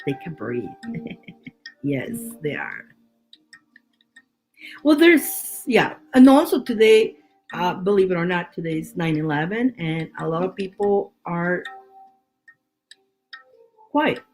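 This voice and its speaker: A woman's voice: on the low side, sing-song, slow pace, pauses often, darkish tone. Chatty woman tarot reader over faint music. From Canada. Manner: chatty, rambling, with many restarts. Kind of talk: casual chat.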